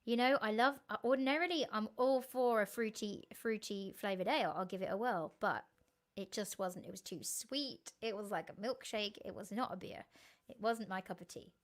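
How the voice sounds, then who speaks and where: A woman's voice: mid-range voice, normal speed. Chatty, giggly woman streaming. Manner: chatty, giggly, easily sidetracked. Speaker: singer-songwriter hosting a live stream. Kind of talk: casual chat to viewers.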